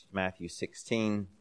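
A man's voice: low voice, clear, resonant tone. A man leading a Bible class in a conversational way, reading scripture aloud with emphasis between casual explanations. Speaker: Bible study teacher.

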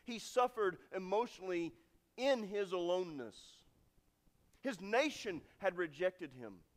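Preacher with hushed drops, in a reverberant hall. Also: male voice, high voice, animated, unhurried. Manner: dramatic, swings from loud to hushed. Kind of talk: sermon. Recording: long reverb of a large hall.

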